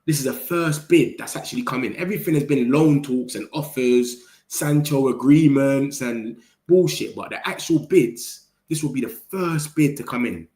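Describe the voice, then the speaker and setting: A young man, hosting a casual football livestream and talking straight to his chat in an animated, slangy way. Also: medium pitch, moderate pace, hardly any pauses. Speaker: football channel host reading live chat. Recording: echoey room.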